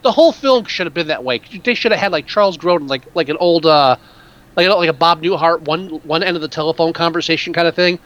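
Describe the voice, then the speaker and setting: A man co-hosting a podcast, chatting casually about a film in an animated, rambling way with many restarts. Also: on the high side, fast talker, lo-fi sound. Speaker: podcast co-host.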